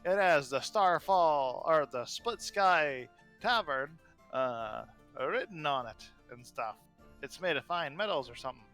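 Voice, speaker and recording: A man's voice: on the high side, lively intonation, unhurried, fairly bright tone, faint music behind. A man playing a goblin mafioso barkeep. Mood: salesy. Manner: chatty salesman patter, tags "eh?". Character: male goblin tavern keeper, mafioso swagger.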